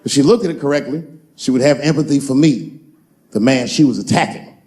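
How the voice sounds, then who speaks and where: A man's voice: mid-range voice, fairly quick, mellow. A man in his forties doing a wry, storytelling stand-up comedy routine on stage before a live audience. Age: 40s.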